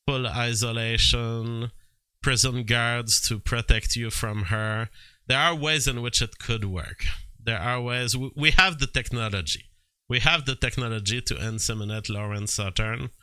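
A man giving casual commentary and reading text aloud from a screen, halting and full of fillers, with bursts of disbelief. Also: mid-range voice, steady tone, pushed and bright, clean tone, no echo.

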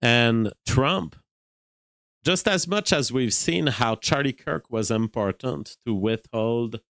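A man from Quebec, a native French speaker with a Quebec French accent, hosting a live stream and thinking aloud in a measured way with frequent restarts. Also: medium pitch, expressive, fairly bright tone, no room sound. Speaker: livestream host. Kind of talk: live-stream commentary, reading super chats.

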